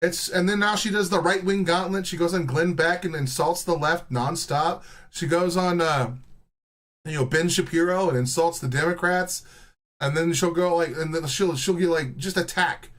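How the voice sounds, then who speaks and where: A man's voice: fairly high pitch, moderate pace, a bit bright. A man ranting casually and profanely while reacting to clips, often mocking people in put-on voices. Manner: heated, swearing, mocking impressions.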